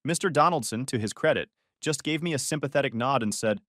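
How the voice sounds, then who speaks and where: A man's voice: mid-range voice, fast talker, a bit bright, no room sound. A man narrating a first-person story in a dry, sarcastic manner.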